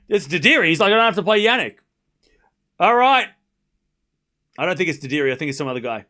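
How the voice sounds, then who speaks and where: A man's voice: high voice, pushed and bright. A man hosting a live watchalong stream, calling the play and reacting bluntly, swearing freely. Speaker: streamer host.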